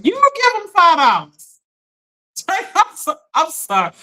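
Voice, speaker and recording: A woman life coach in casual live-stream chat, animated, laughing often and talking straight to her viewers. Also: very high voice, slow pace, poor audio.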